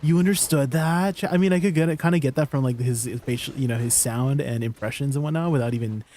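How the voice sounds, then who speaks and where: A man's voice: medium pitch, quick pace, mellow, a little hiss or hum. A man streaming, chatting casually and playfully with viewers. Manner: playful, chatty, laughing, reacting.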